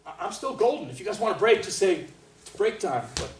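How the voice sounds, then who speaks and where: A man, a trumpet soloist, teaching a master class in an animated, chatty way and laughing often. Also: sits high, fast. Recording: roomy hall from far off, faint noise.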